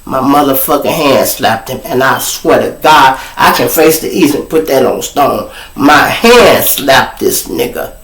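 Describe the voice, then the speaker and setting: Man, Chicago accent, lively storytelling, swings loud and hushed, profane, echoey room. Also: medium pitch, measured pace, hardly any pauses. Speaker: show host. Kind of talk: animated storytelling to viewers. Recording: roomy echo.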